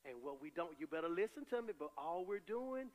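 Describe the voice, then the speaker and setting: A man preaching a sermon as pastor, animated and conversational, swinging between loud cries and quiet asides. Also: a little high, a little fast, dull audio.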